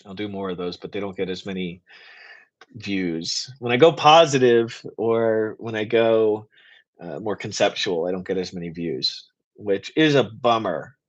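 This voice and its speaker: Passionate man on a dull lo-fi stream. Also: on the low side. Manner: passionate, rapid, rambling. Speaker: political writer and activist host. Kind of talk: live Q and A stream.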